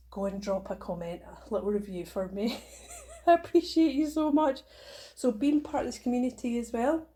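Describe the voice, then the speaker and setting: A woman's voice: high-pitched, dark tone. A woman hosting her own podcast, talking to listeners in an earnest, encouraging and emotional way. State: tearful at times. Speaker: podcast host. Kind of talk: motivational podcast monologue.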